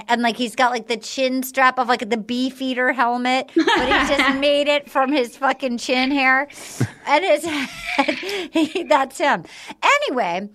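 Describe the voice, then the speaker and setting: A woman's voice: high voice, fairly bright tone. A woman hosting a casual chat, animatedly retelling a reality show with frequent laughter and swearing. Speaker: podcast host.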